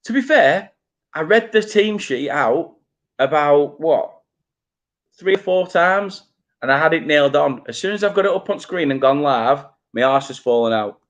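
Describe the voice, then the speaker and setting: Self-mocking lad with a Burnley accent. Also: male voice, fairly high pitch, animated, normal speed, a bit bright, lo-fi sound. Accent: Burnley, Lancashire. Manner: casual, self-mocking, stumbles over names. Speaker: fan channel host. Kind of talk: live watchalong chat, reading chat comments.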